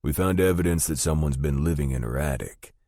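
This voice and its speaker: A man's voice: very deep voice, a little fast, creaky, warm tone, dry recording, studio quality, exaggerated voice. A man playing a blunt, matter-of-fact father. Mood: serious. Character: blunt older father on the phone.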